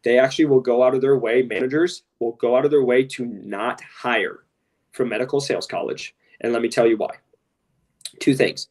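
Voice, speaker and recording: A man's voice: medium pitch, steady tone, normal speed, darkish tone, far from the mic. A man co-hosting a podcast in casual talk, blunt and impassioned, often saying "literally" and "straight up". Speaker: podcast co-host.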